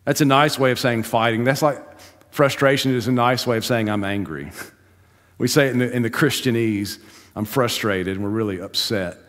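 A man's voice: medium pitch, fairly even intonation, brisk, a bit bright. A pastor giving a sermon in a conversational, storytelling manner, laughing and building emphasis as he goes. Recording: long hall reverb in church.

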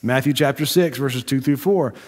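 A male Baptist pastor preaching a sermon in a measured storytelling way, slowing down for emphasis. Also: medium pitch. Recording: long hall reverb.

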